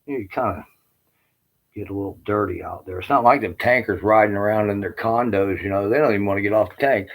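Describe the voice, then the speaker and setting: A man in his late fifties with a somewhat low voice rants on in a loose, rambling way. He sounds aggrieved and swears constantly as he wanders from one complaint to the next. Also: brisk, poor audio. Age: 50s. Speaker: army veteran ranting to camera. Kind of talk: rambling personal rant.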